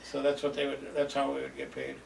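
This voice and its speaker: Gravelly older man reminiscing, chuckling. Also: medium pitch, steady tone, fast talker, slight background noise. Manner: rambling, chuckling, lots of fillers. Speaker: storyteller. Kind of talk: reminiscing oral history. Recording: roomy, distant mic, faint ambience.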